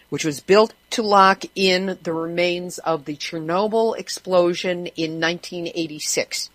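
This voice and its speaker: A woman's voice: lowish voice, no echo. Woman radio host, sarcastic news commentary, dry close studio sound. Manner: wry, sarcastic.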